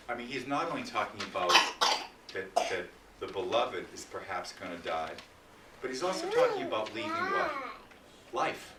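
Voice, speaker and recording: A man giving a library lecture on poetry, reciting sonnets slowly and dramatically between chatty asides. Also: medium pitch, wildly swooping pitch. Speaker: literature lecturer. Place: library meeting room. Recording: roomy, distant, faint hiss.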